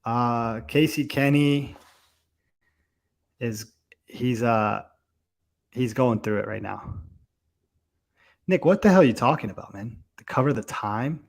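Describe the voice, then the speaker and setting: Young man, mid-pitched voice, loose fight-night commentary, swears, lots of "uh" and "like". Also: takes it slowly, gravelly, long pauses. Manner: loose and profane, with many fillers. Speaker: co-host of a fight watch-along. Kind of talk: casual live fight commentary.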